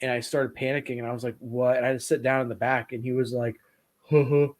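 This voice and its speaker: A man's voice: mid-range voice, flat delivery, fast talker. Swearing, rambling storyteller man. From Italian heritage. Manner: rambling storyteller, swears freely, acts out quotes. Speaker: podcast host. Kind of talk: casual chat.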